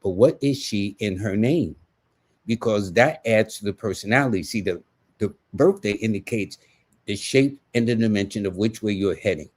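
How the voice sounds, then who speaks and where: A man's voice: on the low side, normal speed, husky. A man with a New York accent giving live numerology readings in a folksy, conversational way, speaking to viewers by name. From United States. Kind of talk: casual livestream reading.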